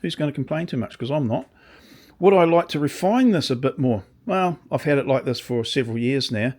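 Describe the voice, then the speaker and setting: A man talks through a demonstration in his small workshop at a relaxed, rambling pace, often stopping to correct himself. His voice is a little croaky from sawdust and sits at an ordinary middle pitch. He drops in dry, understated asides. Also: brisk. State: slightly croaky from dust. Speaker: workshop video maker.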